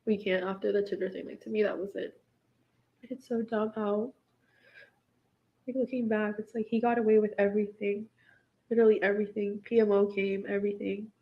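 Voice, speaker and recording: A woman's voice: medium pitch, dull audio. A woman in her twenties, speaking in a distraught, venting way in a personal vlog, filling her sentences with "like". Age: 20s. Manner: distraught, venting, heavy use of "like". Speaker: vlogger recounting her marriage.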